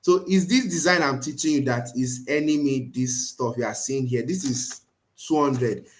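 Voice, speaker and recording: A man's voice: medium pitch, normal speed, slight background noise. A man teaching a design tool in a live screen-share tutorial, earnestly checking in with his students again and again. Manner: earnest, keeps checking in with "right?" and "you understand?". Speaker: design instructor.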